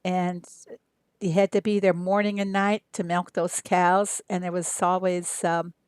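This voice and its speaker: An older woman from Arkansas, chatting casually with viewers on her game livestream in an unhurried way with lots of fillers. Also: lowish voice, level tone, clear, resonant tone, dry recording, clean studio sound. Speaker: game streamer.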